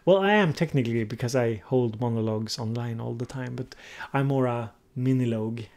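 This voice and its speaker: A man's voice: medium pitch, fairly quick, a little mellow. Casual male livestream host thinking aloud. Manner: thinks aloud, sometimes searching for the right English word. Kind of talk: casual livestream chat, answering viewer comments.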